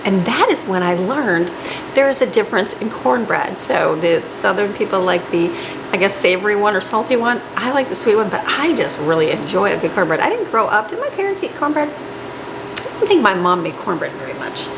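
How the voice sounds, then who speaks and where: Mom rambling while she bakes, gravelly voice, noisy kitchen. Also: mid-range voice, expressive, normal speed. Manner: rambling, laughs often, talks while cooking. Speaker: homemaker and mom baking at home. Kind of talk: casual chatty kitchen vlog. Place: home kitchen. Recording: noisy home kitchen recording.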